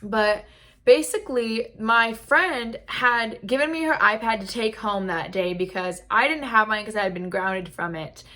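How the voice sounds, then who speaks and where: Recorded on a camera mic, a young female vlogger chats through a casual storytime, using "like" constantly. She has a fairly high, sharp-toned voice with lively intonation and a measured pace.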